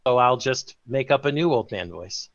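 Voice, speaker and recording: A man co-hosting a tabletop game stream, chatting in a relaxed, joking way. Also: mid-range voice, moderate pace, muffled recording. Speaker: co-host player. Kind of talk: casual chat on a game stream.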